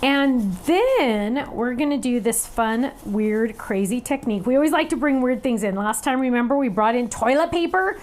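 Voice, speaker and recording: A woman's voice: a little high, expressive, moderate pace, hardly any pauses, darkish tone. A woman teaching a live online craft class, chatty and upbeat, talking viewers through each step while she works. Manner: laughs at herself, playful sound effects.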